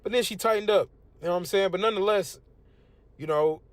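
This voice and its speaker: A man's voice: high voice, quick pace, no room sound. A young man from the United States giving a casual religious testimony, preachy and conversational. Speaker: testimonial speaker.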